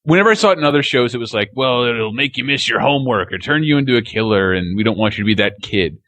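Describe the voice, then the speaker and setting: A man's voice: mid-range voice, lively intonation, quick pace, a bit bright, no room sound. Laughing, chatty male podcast host. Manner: laughing, enthusiastic storyteller. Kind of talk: casual chat about TV clips.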